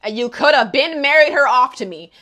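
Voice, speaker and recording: A woman voicing an angry young man who is outraged and yelling at his father. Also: mid-range voice, moderate pace, natural voice. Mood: indignant.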